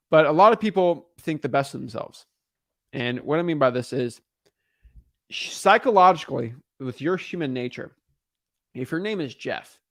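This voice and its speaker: A man's voice: a little high, no echo, studio quality. A man teaching real estate wholesaling in a casual monologue, often checking in with "right?" and "okay?" and restarting his sentences.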